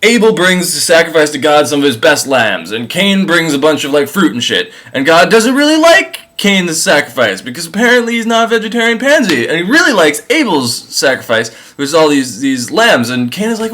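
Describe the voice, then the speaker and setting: A young man casually retelling a story with irreverent, profane humor, jumping into quick voices for each figure. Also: a little high, very animated, sharp tone, rough recording. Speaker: comedic storyteller.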